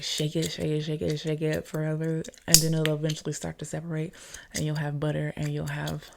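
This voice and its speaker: A woman's voice: low voice, creaky, noisy background. A woman chatting close to the mic in a casual gum-chewing ASMR video, ranting through a story with whispered asides. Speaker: ASMR creator. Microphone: close ASMR microphone.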